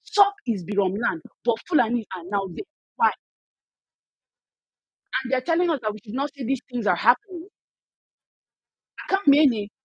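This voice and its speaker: A woman's voice: a little high, big pitch swings, normal speed, long pauses, husky, dry recording, lo-fi sound. A young Nigerian woman with a Nigerian accent speaking with emotion and anger in an online audio discussion, stumbling and restarting often. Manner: emotional, angry, with many restarts. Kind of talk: impassioned discussion.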